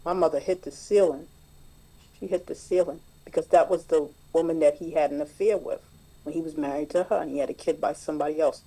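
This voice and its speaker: Middle-aged woman, mellow voice, reflective personal share at a group meeting. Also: low voice, poor audio. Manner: plain, reflective storytelling with many fillers. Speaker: meeting member sharing.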